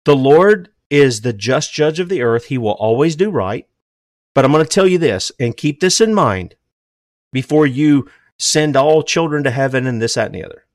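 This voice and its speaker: A fervent older man preaching a sermon, his voice sitting at an ordinary middle pitch. He swings between loud, emphatic declarations and low, hushed lines, and the recording sounds close and dry, with no room echo. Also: animated, normal speed. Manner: says he is emotional. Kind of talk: impassioned sermon.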